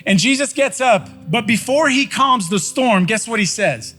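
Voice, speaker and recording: A man's voice: very high-pitched, animated, moderate pace, pushed and bright, soft background music. A man preaching a sermon in a conversational, folksy way, often repeating phrases for emphasis. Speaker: pastor. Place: church sanctuary.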